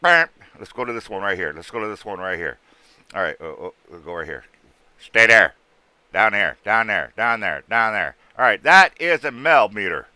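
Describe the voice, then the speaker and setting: Male streamer host, blunt casual salesman, bright voice with a lively swing, dry close sound. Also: lowish voice, normal speed, no room sound. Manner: rough-spoken, blunt, salesman patter with sound-effect noises. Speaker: livestream host selling ghost hunting gear. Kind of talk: casual livestream sales chat.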